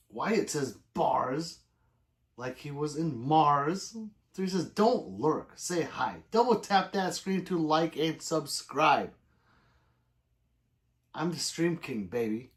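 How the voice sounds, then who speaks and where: Man, livestream host, casual chat, reads comments aloud, slow talker, lively pitch, playful animal noises. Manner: reads comments aloud, breaks into meows, woofs and growls; laid-back, swears casually. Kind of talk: casual live-stream chat.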